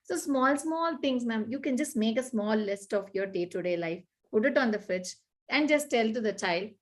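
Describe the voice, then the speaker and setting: A woman giving parenting advice in an earnest, animated conversational way. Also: a little high, moderate pace. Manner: earnest, repetitive, animated explaining with acted-out examples. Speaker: parenting expert guest.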